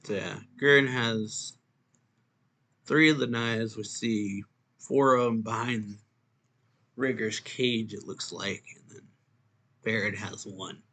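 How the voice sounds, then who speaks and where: Man, manga reviewer, bright tone, casual recap that reads out the dialogue. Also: lowish voice, takes it slowly, long pauses. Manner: reads character lines aloud in a lightly raised voice, with restarts and chuckles.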